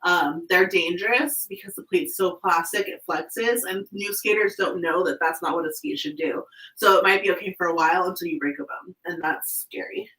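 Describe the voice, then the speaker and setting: A woman's voice: fairly low pitch, moderate pace, bright, forceful tone. A woman from California hosting a casual skate chat, upbeat and full of "like". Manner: chatty, upbeat, says "like" constantly. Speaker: skate channel host. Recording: roomy sound, distant from the mic.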